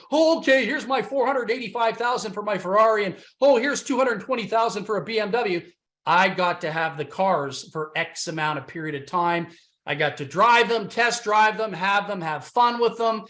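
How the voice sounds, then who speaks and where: Brash high-voiced man pitching a deal. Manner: brash, boastful, punchy, swings between loud emphasis and low asides. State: voice a bit worn from talking loud. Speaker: business opportunity presenter on a conference call. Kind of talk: hyped sales pitch on a call.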